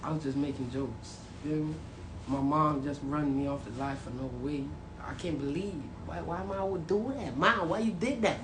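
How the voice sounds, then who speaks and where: Speaking at a normal speed in a low voice with a Jamaican accent, a woman vlogger delivers a casual, profane, half-joking rant to her viewers, swinging from mumbled apologies to loud outbursts. The room has an echo and faint background noise.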